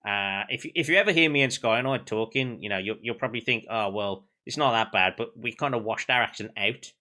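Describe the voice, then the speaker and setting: A young adult man with a softened Black Country accent, chatting casually on a stream, rambling with many restarts. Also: lowish voice, brisk. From England. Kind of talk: casual chat with chat.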